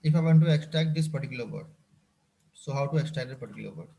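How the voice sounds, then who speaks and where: An instructor leads a live coding class, talking fast in a warm, medium-pitched voice with vocal fry. He often repeats phrases and checks whether students are following.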